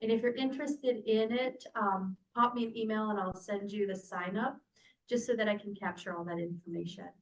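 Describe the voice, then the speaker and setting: A woman organizing a continuing education class, giving casual announcements in a chatty way with quick asides. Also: mid-range voice, echoey room, low-quality recording. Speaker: program organizer.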